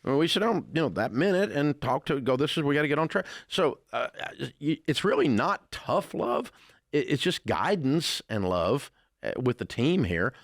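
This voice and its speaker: Speaking at a measured pace in a mid-range voice, this older Southern American radio host gives very animated, folksy and blunt answers as an interviewee. The studio sound is clean, with no echo.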